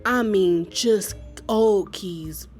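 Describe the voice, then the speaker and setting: A woman chatting casually to her viewers as she tells a personal story, lively and laughing often. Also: medium pitch, extremely slow, soft background music. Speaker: vlogger telling a personal story.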